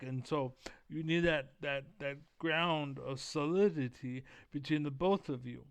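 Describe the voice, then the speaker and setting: A man's clear, resonant, fairly bright voice, medium-pitched and steady at a normal speed, heats up as he reacts to a video with blunt, profane commentary. Keyed up and energetic, he keeps saying "basically"; there's no room sound.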